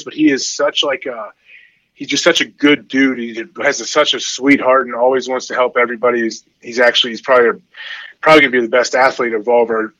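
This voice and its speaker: Animated rambling man, dry sound. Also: mid-range voice, no room sound, muffled recording. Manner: rambling, fillers, animated when quoting his kids. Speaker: podcast guest, former football player. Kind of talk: casual interview chat.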